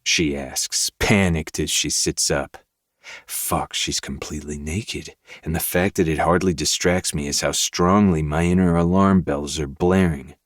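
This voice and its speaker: Brief: very deep male narrator, dry close recording, steady audiobook read. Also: a little slow, dry recording. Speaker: podcast host reading a novel aloud. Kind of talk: first-person audiobook narration.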